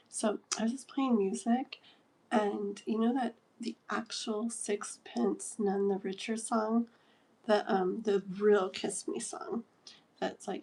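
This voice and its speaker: A woman's voice: on the high side, fairly even intonation, measured pace, mellow, husky. A woman in her thirties hosting a casual livestream, chatting and giggling while reading comments aloud. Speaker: livestream tarot host.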